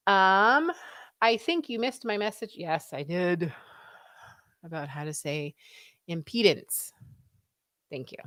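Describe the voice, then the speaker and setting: A woman's voice: fairly low pitch, dry recording, clean studio sound. A woman co-hosting a casual livestream, chatting and reading viewer comments aloud. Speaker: livestream co-host reading chat. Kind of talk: casual chat.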